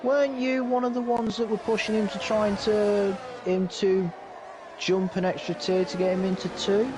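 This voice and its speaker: A man adds color commentary to a sim racing league broadcast, hedging his guesses with halting pauses. His voice sits a little high for a man. Loud game engine noise fills the background. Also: level tone. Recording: noisy game car engine sound behind.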